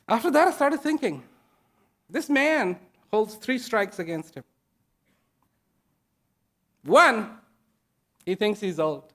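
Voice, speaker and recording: A man giving a speech to an audience, slow and deliberate, pausing between short phrases and repeating key words for emphasis. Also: sits high, expressive, pushed and bright. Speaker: invited speaker. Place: event at a large international venue.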